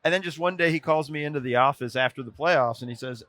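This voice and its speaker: Bright-voiced man telling stories. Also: on the high side. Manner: animated storyteller with quick restarts. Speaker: podcast guest, former NBA video coordinator. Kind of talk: casual storytelling.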